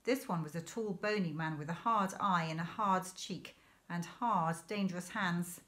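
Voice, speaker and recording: A woman teacher reading a children's novel aloud in a clear, measured storytelling manner. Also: lowish voice, fairly bright tone. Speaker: primary school teacher.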